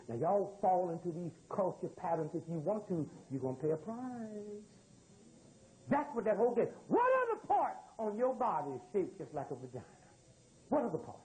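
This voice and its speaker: An older man from the United States holds forth before a live audience in a teasing, streetwise manner. His voice sits high and swoops widely between phrases. The tone underneath stays mellow rather than bright. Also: poor audio. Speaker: speaker addressing a live audience. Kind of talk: humorous lecture to a crowd.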